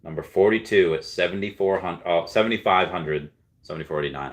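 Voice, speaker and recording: Male streamer, deep voice, casual and hesitant, reading chat aloud. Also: quick pace. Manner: chatty, hesitant, repeats words while thinking. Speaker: livestream host. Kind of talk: casual live chat, reading viewer comments.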